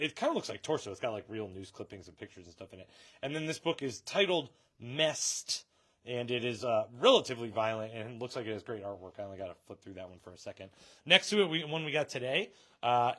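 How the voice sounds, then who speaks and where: A man's voice: medium pitch, quick pace, sharp tone. Guy running a comic shop live stream, chatty, jokey, laughs a lot. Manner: chatty, joking, laughs often. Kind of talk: casual live-stream chat.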